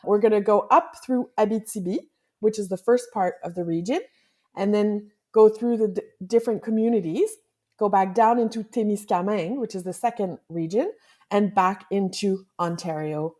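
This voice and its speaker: A woman's voice: mid-range voice, normal speed, darkish tone. Friendly woman from Quebec as guest. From Quebec, Canada. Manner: friendly, explanatory, teasing. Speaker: travel blogger guest. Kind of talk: podcast interview.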